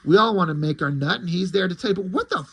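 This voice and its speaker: A man's voice: high voice, animated, quick pace, fairly bright tone. A man reviewing a comic in a casual vlog, ranting in disbelief and swearing freely. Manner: incredulous, profane ranting.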